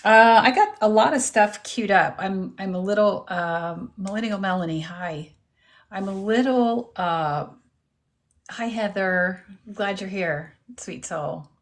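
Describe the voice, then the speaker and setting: A woman's voice: mid-range voice, measured pace. A woman reverend hosting a casual live stream, greeting viewers by name and chatting while she eats lunch. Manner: talks while eating lunch. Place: at home with her dog.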